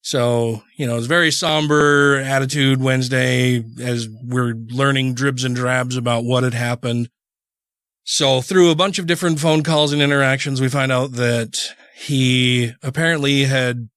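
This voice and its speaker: A man's voice: medium pitch, a bit bright, no echo, studio quality. A man co-hosting a podcast, telling a long story casually, full of restarts and "you know"s. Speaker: podcast co-host.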